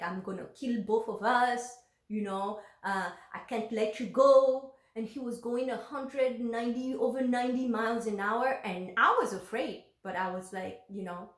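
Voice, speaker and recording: A woman's voice: fairly high pitch, a bit bright, echoey room. A woman vlogger telling a personal story in a candid, emotional way, full of fillers and restarts.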